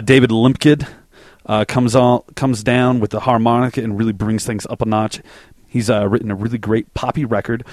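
A man's voice: mid-range voice, darkish tone, no echo, clean studio sound. A man hosting a music podcast, chatting loosely between songs, self-deprecating and swearing casually.

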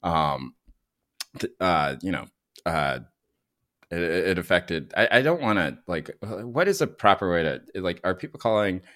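A man's voice: deep voice, animated, a little slow, a bit bright. A man co-hosting a casual political chat, rambling with many fillers and restarts. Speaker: podcast co-host.

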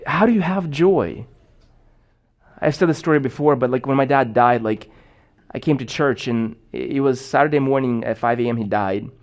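A man's voice: fairly high pitch, moderate pace. Chatty young male preacher. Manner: casual storytelling with many fillers. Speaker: pastor. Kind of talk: sermon.

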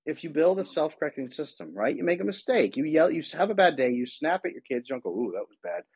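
A man's voice: a little high, lively intonation, fast, a little mellow, husky, dry recording. A man who works as an attachment specialist, speaking earnestly as a guest in a conversational interview and acting out talks with his kids.

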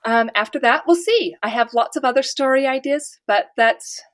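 A woman's voice: high voice, lively intonation, moderate pace. A woman author from the United States, talking casually and earnestly in a podcast interview. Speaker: author guest.

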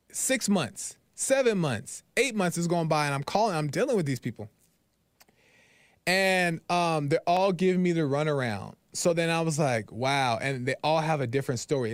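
Podcast host, male, fairly high voice, dry close sound; animated, frustrated storytelling that acts out both sides of phone calls. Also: normal speed, smooth, no room sound. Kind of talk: casual monologue.

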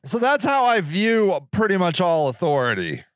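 Profane, lively-voiced older man ranting. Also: high-pitched, moderate pace, no echo, clean studio sound. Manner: profane, sarcastic, laughs at himself. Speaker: podcast host. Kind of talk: casual ranting monologue.

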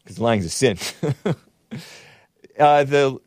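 A man hosting his own commentary show, swinging between loud mocking outbursts and low muttering asides. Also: expressive, takes it slowly, no echo, studio quality. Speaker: host.

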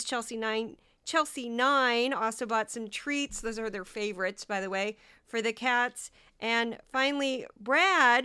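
A woman's voice: a little high, pushed and bright, smooth. Sarcastic chatty woman podcaster. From Missouri. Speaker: podcast host. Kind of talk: casual solo podcast monologue.

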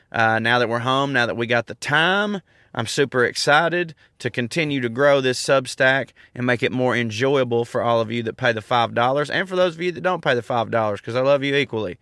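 A man's voice: mid-range voice, a bit bright, clean tone, no room sound, studio quality. A man in his thirties with a Southern accent, joking and rambling through a casual outdoor monologue as a podcast host. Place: outdoors in a park.

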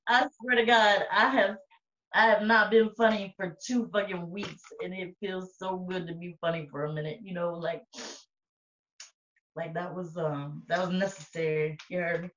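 A woman co-hosting a podcast in casual chat, profane and animated, often breaking into laughter. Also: fairly low pitch, moderate pace, slight background noise. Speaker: podcast co-host. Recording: roomy, distant, dull sound.

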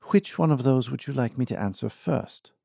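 A man's voice: mid-range voice, animated, moderate pace, vocal fry, dark tone, no room sound, clean studio sound, voice pushed up. A man voicing a polite, stubborn young male engineer who talks formally and with assurance. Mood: firm.

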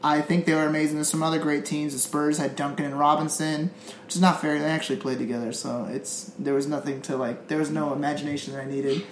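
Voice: medium pitch, flat delivery, fast talker. A podcast co-host in casual sports chat, swearing freely, rambling, and trailing off mid-thought. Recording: echoey room, faint hiss.

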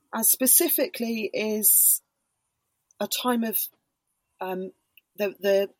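A woman guest on a casual podcast chat, explaining slowly with lots of hedging fillers. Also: medium pitch, husky, dry recording. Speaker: podcast guest, Reiki practitioner and embodiment coach.

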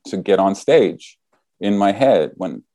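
Man, comedian, casual storytelling, deep voice, mellow dark tone, swears freely. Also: lively intonation, takes it slowly, no echo. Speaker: stand-up comedian.

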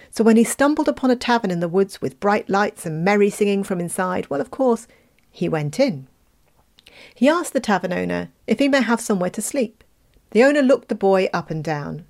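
A woman reading a fairy tale aloud, expressive, with playful asides. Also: mid-range voice. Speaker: storyteller.

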